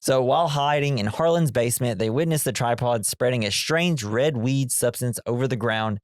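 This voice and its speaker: On a casual movie podcast, a male co-host with a medium-pitched voice rambles at a moderate pace and acts out characters' lines. The studio audio is clean, with no room sound.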